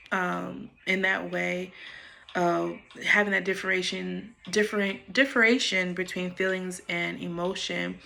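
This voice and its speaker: Gravelly-voiced woman musing on spirituality. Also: medium pitch. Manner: relaxed, frank, swears freely. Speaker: vlogger. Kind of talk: casual spiritual monologue.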